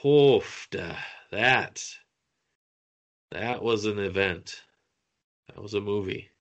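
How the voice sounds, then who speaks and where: A man co-hosting a casual movie chat, taking his time and dragging out a mocking build-up. He talks very slowly in a lowish voice. The tone is bright and forceful. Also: fairly even intonation, muffled recording. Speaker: podcast co-host.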